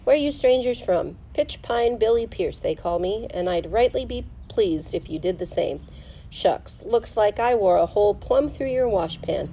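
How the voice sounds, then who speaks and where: A man's voice: sits high, lively intonation, measured pace, dark tone, slight background noise, pitched above the performer's own voice, low-quality recording. A woman reading aloud voices a boisterous bearded gold-rush miner who talks in a chatty, folksy backwoods way. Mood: gruff folksy.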